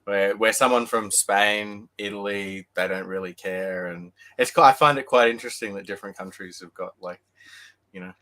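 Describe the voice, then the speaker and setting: A man's voice: on the low side, normal speed, sharp tone, rough recording. A man hosting a podcast and running a quiz. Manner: upbeat, explains rules clearly. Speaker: podcast host.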